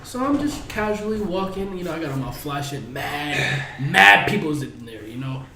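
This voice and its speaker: A man's voice: on the high side, very animated, normal speed, crowd noise. Laid-back young man with slangy talk. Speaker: podcast co-host. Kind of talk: casual storytelling chat. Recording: echoey room with faint background noise.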